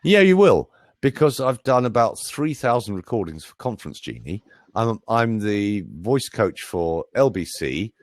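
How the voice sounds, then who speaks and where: A man's voice: fairly low pitch, very animated, unhurried, no room sound, clean studio sound. A middle-aged British man, a voice coach, chatting in a jokey, show-off way. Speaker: voice coach and speaker. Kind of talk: casual live chat.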